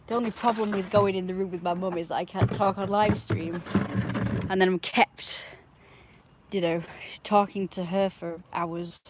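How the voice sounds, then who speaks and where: A woman's voice: lowish voice, slight background noise. Chatty woman live streaming. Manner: chatty, scolds her dog loudly. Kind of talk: casual live stream chat.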